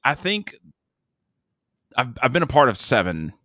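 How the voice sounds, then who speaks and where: A man chatting casually about a film, his pitch leaping up and down as he rambles and mocks scenes in quick impressions. His voice sits in an ordinary middle register, and the recording is dry and close with no room sound. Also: no room sound. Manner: rambling, animated, mocking impressions. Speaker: podcast co-host. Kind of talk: casual movie review chat.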